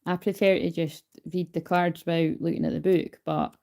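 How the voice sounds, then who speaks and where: A woman's voice: on the low side, fairly even intonation, normal speed, vocal fry, warm tone. Woman, tarot card reader, casual livestream, chatty, swears, hyper, phone mic. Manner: chatty, swears freely, calls herself hyper.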